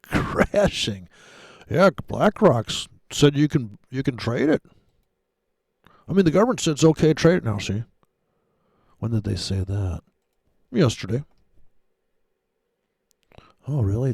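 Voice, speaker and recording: A man's voice: mid-range voice, big pitch swings, unhurried, gravelly, long pauses, darkish tone, slightly rough, no room sound, clean studio sound. A man giving rambling, sarcastic, profane commentary while trading live. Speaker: day trader streaming live.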